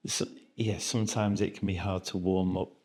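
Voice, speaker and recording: A man hosting a podcast, talking in a relaxed, rambling way with many fillers. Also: low-pitched. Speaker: podcast host. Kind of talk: casual podcast chat.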